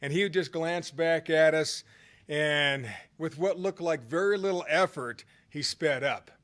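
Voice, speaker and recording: A man's voice: on the high side, measured pace, a bit bright. A middle-aged man telling a motivational personal story in a casual, rambling way, with fillers and restarts. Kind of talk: motivational anecdote told conversationally.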